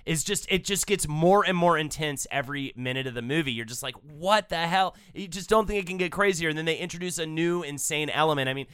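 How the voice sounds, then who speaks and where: A man's voice: on the high side, quick pace, hardly any pauses, fairly bright tone, clean tone, no room sound, studio quality. A man co-hosting a podcast in casual chat, talking enthusiastically and rambling with frequent restarts. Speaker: podcast co-host.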